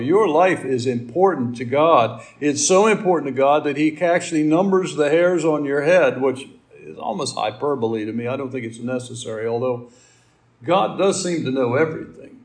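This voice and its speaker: A man's voice: a little high, moderate pace. A middle-aged man giving a conversational sermon, folksy and rambling, with asides and fillers. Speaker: preacher.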